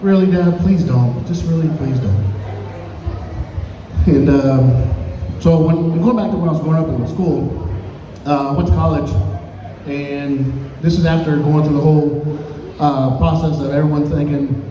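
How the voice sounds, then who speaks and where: A man in his thirties doing an open mic stand-up set, telling stories and acting out quotes with big jumps in pitch. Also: fairly even intonation, moderate pace, pauses often, mellow. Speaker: stand-up comedian. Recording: echoey hall from far off, faint room noise.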